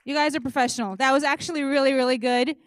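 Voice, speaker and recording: Woman, high voice, dry close mic, warm-up comic, loud crowd-hyping. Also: steady tone, fast, no room sound. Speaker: audience warm-up comedian. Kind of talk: stand-up warm-up, leading applause. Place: auditorium.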